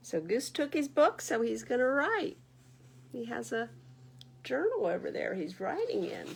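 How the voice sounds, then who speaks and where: A woman librarian reading picture books aloud at a baby storytime, animated and sing-song, talking to little listeners. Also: a little high, a little slow, gravelly, slightly rough. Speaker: children's librarian.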